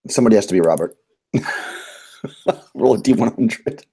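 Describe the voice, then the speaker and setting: A man running a tabletop role-playing game, narrating the scene in a relaxed, easygoing way. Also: fairly low pitch, moderate pace, gravelly, slightly rough. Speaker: game master.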